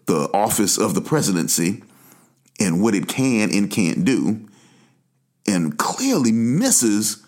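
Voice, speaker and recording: A man from Atlanta, USA, hosts a talk show as a podcast host, delivering a passionate, emphatic commentary monologue with preachy asides. His voice is lowish and gravelly.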